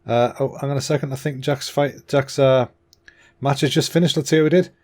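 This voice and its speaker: A man, hosting a casual solo podcast in a chatty, excitable way, slightly out of breath and clearing a clogged throat. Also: mid-range voice, fairly quick. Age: 30s. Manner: chatty and excitable, with fillers and restarts. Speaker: podcast host.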